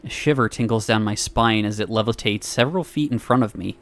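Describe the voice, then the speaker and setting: A man streaming, reading a visual novel aloud with expressive narration and laughing asides. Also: lowish voice, a little fast, few pauses.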